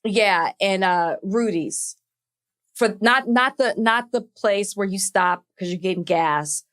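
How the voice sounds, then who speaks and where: A woman's voice: medium pitch, takes it slowly, a bit bright. A woman from Dallas, co-hosting a podcast in casual chat, teasing and laughing often. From Dallas, Texas. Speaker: podcast co-host.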